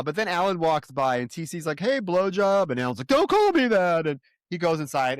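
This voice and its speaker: A man's voice: a little high, fairly bright tone, no echo. A man co-hosting a podcast, recapping a film plot in casual chat and acting out the characters' lines in a self-deprecating way. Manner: retells scenes with acted-out character quotes, self-deprecating. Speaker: podcast co-host.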